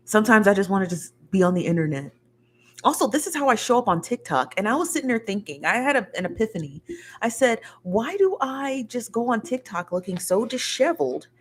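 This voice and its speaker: A woman hosts a relaxed livestream chat, sounding a little tired but chatty and quick to laugh. Her voice sits at a middle pitch and jumps around a lot as she greets viewers and reads their comments. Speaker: livestream host.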